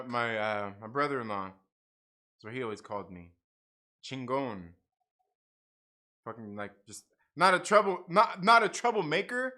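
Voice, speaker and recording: A young male streamer keeps things casual, reading viewers' chat and laughing frequently. He moves between loud bursts and low, muttered asides.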